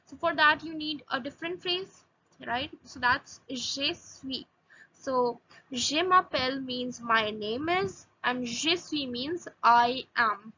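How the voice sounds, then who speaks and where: Young female teacher, high bright voice, casual halting lesson delivery. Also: slightly rough. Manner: halting, many fillers and restarts, slows to spell out phrases. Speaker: language teacher. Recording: slightly dull lo-fi audio with faint noise.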